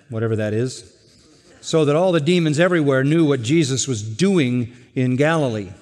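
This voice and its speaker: A man preaching an expository sermon, earnest and emphatic, slowing to stress key words. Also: mid-range voice, a little mellow. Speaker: pastor. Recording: long hall reverb.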